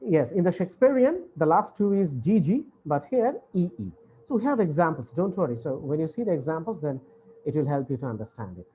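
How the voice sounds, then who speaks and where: A man's voice: fairly high pitch, sing-song, brisk. Male lecturer, patient explainer with many hesitations, dull video-call audio, faint hiss. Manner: explains patiently, repeating points with frequent "uh". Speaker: university English lecturer. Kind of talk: online lecture.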